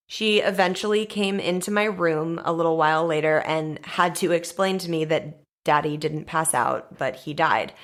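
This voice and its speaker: A woman in her thirties from the United States, hosting a podcast and telling a personal story in a candid, profane way, with frequent soft laughs. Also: fairly low pitch. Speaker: podcast host.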